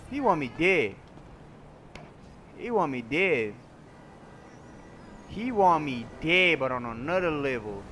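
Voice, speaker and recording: Rowdy young man trash-talking over game noise. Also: a little high. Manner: excitable trash talk, swinging from shouts to mutters. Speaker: gaming YouTuber. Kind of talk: playful gameplay commentary. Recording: loud game sounds behind the voice. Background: video game noise and vehicle sounds.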